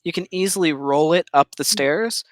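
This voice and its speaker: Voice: mid-range voice, normal speed, dry recording. A game master narrating a tabletop game in an easygoing way, with frequent fillers.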